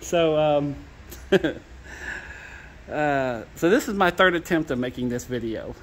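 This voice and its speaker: A man with a voice on the high side talks slowly and animatedly in a casual vlog filmed outside by a trailer. He rambles about used gear he means to sell, laughing to the point of tears, giggling, and apologizing again and again, with slight background noise behind him.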